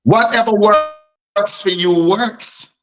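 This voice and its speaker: A man's voice: high voice, takes it slowly, rough recording. A man from Guyana with a Guyanese Creole accent, a DJ guest speaking bluntly and emphatically in an interview. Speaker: DJ and artist guest. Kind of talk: candid interview talk.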